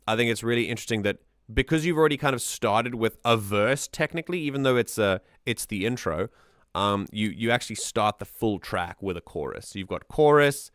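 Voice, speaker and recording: A man's voice: on the low side, a bit bright, smooth, no echo, studio quality. A man hosting a casual music analysis, explaining things in a chatty way with lots of fillers and restarts. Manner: hums and sings examples to show rhythm.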